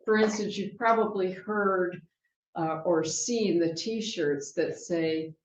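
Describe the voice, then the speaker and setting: A woman minister giving a sermon in a chatty, lively way, laughing often and checking in with her listeners. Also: medium pitch, drawn-out words, a little hiss or hum. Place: church sanctuary. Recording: dull, roomy sanctuary sound.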